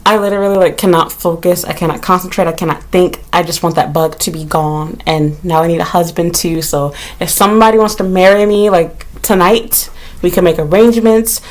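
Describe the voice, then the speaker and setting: A woman talking casually to her vlog audience from her small apartment, rambling with lots of "like" and cursing freely. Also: fairly quick. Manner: animated, rambling, heavy use of "like", swears freely; shrieks and jumps high when retelling her panic. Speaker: vlogger.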